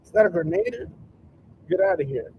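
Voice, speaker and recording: A man voicing a panicked male army veteran in a shrill squeaky voice. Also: wildly swooping pitch, moderate pace, creaky, lo-fi sound, slight background noise, full character voice. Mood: alarmed.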